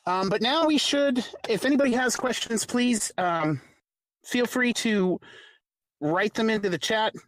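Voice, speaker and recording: A woman hosting a podcast in casual chat, with an animated, giggly manner and hesitant fillers. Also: on the high side, measured pace, dry recording. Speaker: podcast host.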